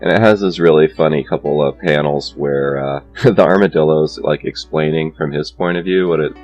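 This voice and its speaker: A young man with a very deep, low voice chats loosely through a comic book recap. He chuckles often and wanders through his sentences with lots of "uh" and "like," while faint guitar music plays behind him. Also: moderate pace, darkish tone. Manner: laughs often, rambling with many fillers. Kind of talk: casual comic review.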